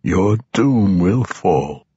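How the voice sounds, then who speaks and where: A man playing an old, sly archmage who mocks calmly and speaks slowly. His voice is deep, husky and dry. The audiobook sound is dull and lo-fi. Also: dry recording, full character voice. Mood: wry. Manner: dry, slow and mockingly calm. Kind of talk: audiobook character voice. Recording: dull lo-fi recording.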